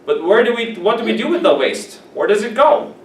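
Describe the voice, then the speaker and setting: A man teaches English vocabulary, explaining terms and repeating key words to check the class follows. His voice sits a little high. It is recorded from the back of an echoey classroom with a faint hiss. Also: sing-song, fairly quick, far from the mic. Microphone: camera at a distance.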